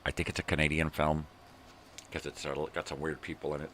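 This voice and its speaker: An older man from Southern California, hosting a rambling morning video monologue in a profane, ranting way with drawn-out fillers. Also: rumbling low, little pitch movement, a bit bright, slight background noise. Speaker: vlog host.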